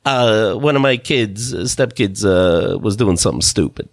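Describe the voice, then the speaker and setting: A man hosting a podcast, delivering an exasperated, profanity-filled comedic rant that swings between mutters and shouts. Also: lowish voice, expressive, moderate pace. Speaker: podcast host.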